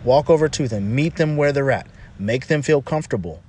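A man's voice: medium pitch, expressive, fairly quick, darkish tone, slight background noise. A man talking through casual advice in a loose, rambling way, often adding "you know" and restarting his sentences.

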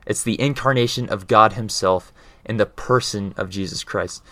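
Male speaker with a fairly low voice, earnest and conversational, explains ideas and often pauses to check in with his listener. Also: fairly bright tone, no room sound. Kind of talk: casual explanatory talk.

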